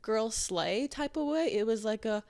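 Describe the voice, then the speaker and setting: A woman's voice: on the high side, lively intonation, measured pace, darkish tone, no room sound. A young adult woman hosting a podcast, telling candid stories in a chatty way and acting out what people said. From Arizona, US. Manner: chatty and candid, heavy "like" filler, acts out quoted people. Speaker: podcast host. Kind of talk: casual solo podcast monologue.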